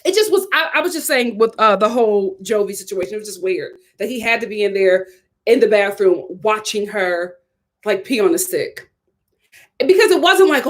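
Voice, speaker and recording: A woman's voice: mid-range voice, brisk. A woman, casually and expressively reviewing a reality TV episode. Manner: animated, expressive, breaks into laughter and quoted voices.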